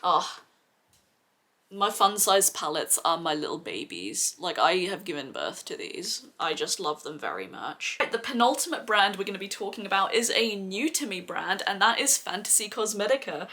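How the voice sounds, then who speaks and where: Woman, 20s, gushing, chatty, filler-heavy, slightly hoarse, casual vlog. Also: medium pitch, very animated, normal speed, sharp tone. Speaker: beauty vlogger. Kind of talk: casual makeup review vlog. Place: seated at home.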